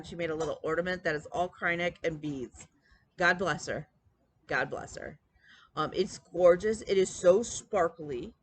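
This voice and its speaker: A woman's voice: medium pitch, a little hiss or hum. A woman chatting casually as a cross-stitch vlog host, telling stories with lots of quoted dialogue and fillers. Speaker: flosstube host. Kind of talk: casual chat.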